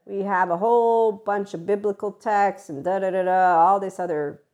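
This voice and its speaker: A woman's voice: medium pitch, fairly even intonation, normal speed, darkish tone. A woman hosting her channel in a casual, unscripted monologue, blunt and profane, rambling with restarts and mocking the people she talks about. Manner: mocking, acting out voices of others. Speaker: channel host.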